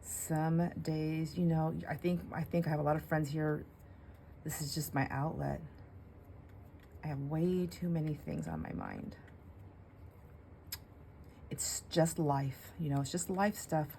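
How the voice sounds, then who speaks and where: A middle-aged woman with a low-pitched voice talks casually while crafting. She rambles and thinks aloud, full of fillers and asides. A faint room ambience sits behind her. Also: animated, a little slow, gravelly, long pauses, warm tone, a little hiss or hum. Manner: rambling, self-talk with fillers and laughs. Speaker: craft vlogger.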